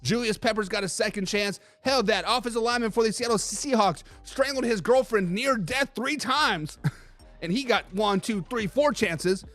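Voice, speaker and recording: A man's voice: sits high, moderate pace, a bit bright, no room sound. A man hosting a casual livestream sports talk show, rambling loosely and reading viewers' chat comments aloud.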